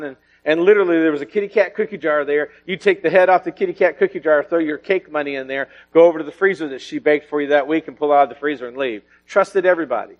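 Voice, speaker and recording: A man, preaching a sermon full of personal testimony and told in a folksy, storytelling way. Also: fairly high pitch. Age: 40s. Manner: folksy storytelling with laughter and swings in volume. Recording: dull lo-fi recording.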